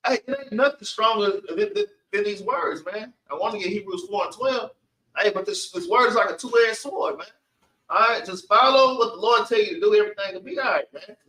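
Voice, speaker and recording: A man's voice: sits high, fairly quick, sharp tone, a little hiss or hum. A man teaching a Bible class, giving emphatic spoken commentary on scripture and keeping the readings going. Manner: emphatic, calls everyone man, urges reading on. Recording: echoey room, far from the mic.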